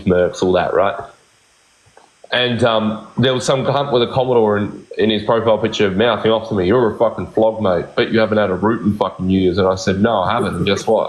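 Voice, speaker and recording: Crude swearing Australian man, echoey room. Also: lowish voice. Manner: crude, swearing constantly, defensive. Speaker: live streamer. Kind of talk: heated live-stream rant.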